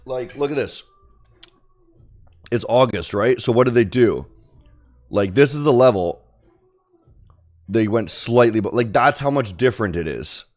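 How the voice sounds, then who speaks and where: A man's voice: mid-range voice, expressive, measured pace, long pauses. A man talking casually and bluntly while he trades live, rambling through his points and swearing now and then. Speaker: day trader streamer. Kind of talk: casual trading talk.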